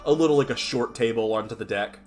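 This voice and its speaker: A man's voice: mid-range voice, fast talker, a little mellow. A man narrating as game master of a streamed tabletop game, casual and laughing easily.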